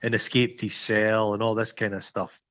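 A man's voice: fairly low pitch, little pitch movement, normal speed, a bit bright. A Scottish man chatting casually on a podcast, rambling wryly with stammered restarts. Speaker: podcast co-host. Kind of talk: casual chat. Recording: dull lo-fi sound.

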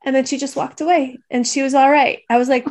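A woman's voice: high-pitched, steady tone, fast, darkish tone. A woman co-hosting a podcast discussion, thoughtfully sharing stories from her own parenting. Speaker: podcast co-host. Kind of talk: casual panel discussion.

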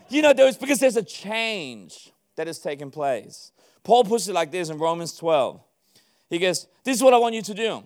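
A male pastor preaching to a room of leaders. His voice sits fairly high for a man, and he keeps it animated, laughing often and slipping into quick acted-out exchanges. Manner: animated, laughing, acting out dialogue. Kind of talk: sermon to church leaders.

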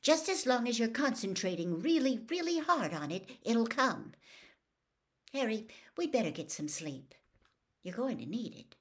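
A woman reading a storybook aloud, voicing a clever, eager teenage schoolgirl who speaks brightly and insistently. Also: mid-range voice, big pitch swings, moderate pace, lightly acted. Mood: encouraging.

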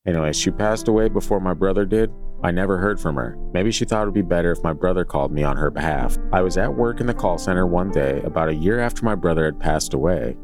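A man's voice: sits low, expressive, fast talker, hardly any pauses, music in the background. A man hosting a podcast, reading listener stories aloud in a casual, joking way. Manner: jokey, reads aloud with playful asides.

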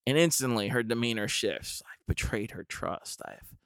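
A man's voice: medium pitch, lively intonation, moderate pace, vocal fry, fairly bright tone, no echo, clean studio sound. A young man telling a comic story with wry, rambling asides. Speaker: comedian. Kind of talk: storytelling comedy monologue.

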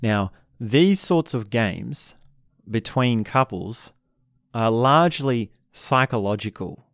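Calm guy, mid-pitch voice, slow reflective teaching talk, dry close sound. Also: dry recording. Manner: calm, unhurried, acts out quoted couples. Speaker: relationship teacher.

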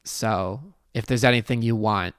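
A man voicing a gruff young armored man in a tabletop game, quietly and reluctantly offering an apology. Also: on the low side, a little slow, dry recording, clean studio sound. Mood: remorseful.

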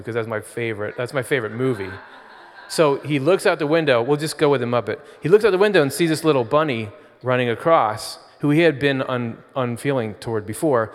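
A man giving an informal sermon, talking in a conversational, pausing storytelling way, with long hall reverb. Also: mid-range voice. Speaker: spiritual speaker.

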